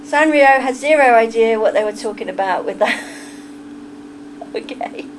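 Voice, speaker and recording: A woman's voice: on the high side, moderate pace, a little hiss or hum. A woman live streaming in a casual, chatty way, reading out her chat and often breaking into giggles.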